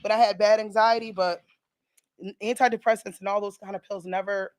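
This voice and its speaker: A woman's voice: mid-range voice, fairly even intonation, brisk, no room sound, clean studio sound. A woman radio host with a Southern US accent, talking in a casual, emotional way and laughing easily. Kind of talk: casual talk radio chat.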